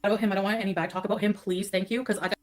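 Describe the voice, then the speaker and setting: A woman's voice: mid-range voice, fairly even intonation, racing. A woman on a livestream, talking in a scattered, confessional, rambling way.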